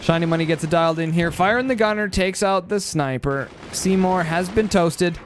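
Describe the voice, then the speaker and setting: A man giving play-by-play commentary on a strategy game match, excitable and bursting into loud exclamations at big plays, a little stuffy from post-nasal drip. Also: high voice, moderate pace, slight background noise. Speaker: game caster.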